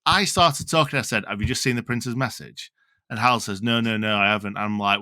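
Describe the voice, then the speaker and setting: A man's voice: on the low side, brisk, pushed and bright, dry recording. An English man co-hosting a football podcast, telling a rambling story in casual chat. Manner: chatty, rambling storyteller with mate-talk. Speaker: podcast co-host.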